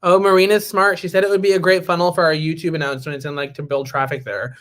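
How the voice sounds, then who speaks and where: A man co-hosting a podcast in casual chat, playful and quick to joke and tease. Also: on the high side, level tone, fairly bright tone. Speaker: podcast co-host.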